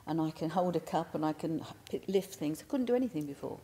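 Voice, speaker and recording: Chatty woman, low voice. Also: lively intonation, fast talker, dark tone, a little hiss or hum. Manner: chatty, laughs often. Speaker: interview guest. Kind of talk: animated storytelling.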